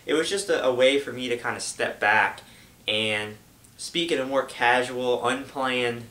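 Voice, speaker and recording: A man's voice: medium pitch, measured pace, bright, forceful tone, roomy sound. A young man hosting his gaming channel, giving a rambling, casual update full of fillers. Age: young adult. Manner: rambling, loose, lots of fillers. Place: home room.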